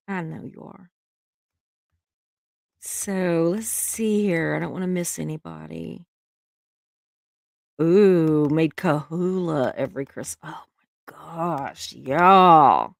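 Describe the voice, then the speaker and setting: Reading her viewers' comments aloud, a middle-aged woman keeps her livestream casual, chatty and emotional, with lots of laughter. Her voice is deep and gravelly, slow, with frequent pauses, and there's no room sound.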